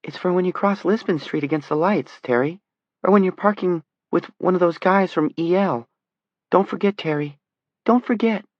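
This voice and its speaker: Male reader doing a teen boy, cracked and unsure, pitched way up; audiobook, dull sound. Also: moderate pace, dry recording, natural voice. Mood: pleading. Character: cracked adolescent boy's voice, pleading.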